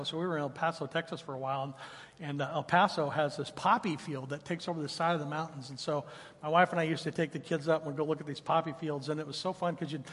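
A man's voice: a little high, slightly rough, big-room sound. A man in his fifties preaching a sermon in a church, mixing scripture with casual personal stories. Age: 50s. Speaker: pastor. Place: church sanctuary.

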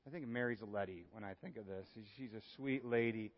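A male pastor preaching a sermon, moving from hushed, earnest passages to lively exclamations. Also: lowish voice, fast talker. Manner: animated, swings from hushed to exclaiming. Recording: dull sound with long hall reverb.

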